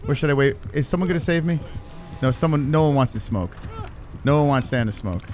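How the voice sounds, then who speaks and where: Excitable, profane man streaming a game. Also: a little high, brisk, a little hiss or hum. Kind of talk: live gameplay commentary.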